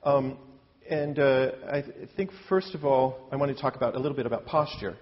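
This medium-pitched Midwestern man from Iowa talks fairly quickly as he coaches opera singers in a lecture-demonstration. His manner is chatty and self-deprecating, with gestures as he speaks, and the somewhat dull recording carries a long hall reverb.

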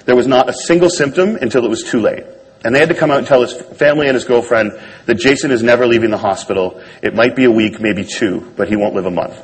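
A man's voice: medium pitch, quick pace, slightly rough, low-quality recording. A man on stage telling a personal story to an audience in a wry, self-deprecating way. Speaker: speaker giving a talk.

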